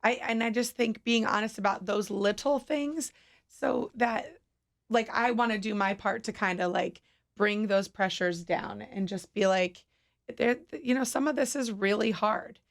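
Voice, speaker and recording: A woman's voice: mid-range voice, unhurried. A woman guest on a radio show, chatting candidly and laughing at herself. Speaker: radio guest from a city mission. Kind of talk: casual radio chat. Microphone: studio microphone.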